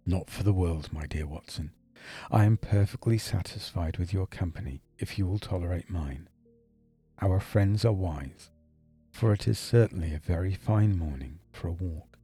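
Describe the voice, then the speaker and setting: A male reader voicing a brilliant, brisk detective in an audiobook, speaking in a crisp, measured way. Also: deep voice, warm tone, soft background music. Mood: eager. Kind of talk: audiobook character reading.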